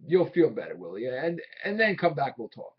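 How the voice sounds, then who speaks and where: An actor playing a young, brisk boss who talks in a clipped, evasive, softly dismissive way. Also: male voice, fairly high pitch, big pitch swings, slightly rough. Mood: uneasy. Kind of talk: film drama acting. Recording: dull old film soundtrack.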